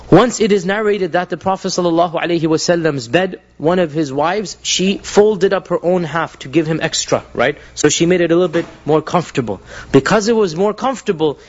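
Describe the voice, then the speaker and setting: A man with a fairly high voice gives an earnest religious lecture to a live audience, telling stories, often restarting sentences and dropping in Arabic phrases. His intonation is lively and his pace fairly quick, on a dull, lo-fi recording.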